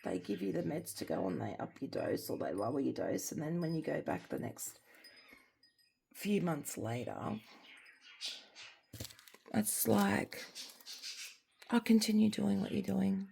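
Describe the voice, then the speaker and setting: Gravelly low-voiced Australian woman. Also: very animated, measured pace, long pauses, a little hiss or hum. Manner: rambling, candid, drifting into soft near-whispers. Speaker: crafting vlogger. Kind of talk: casual chat while crafting.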